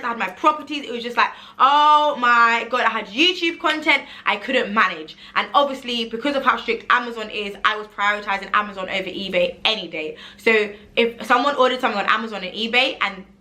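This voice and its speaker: A young woman telling a casual vlog story, animated and expressive, acting out what she said and using "like" often. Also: fairly high pitch. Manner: animated, acts out her own quoted pleas, says like a lot. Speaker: online seller and vlogger.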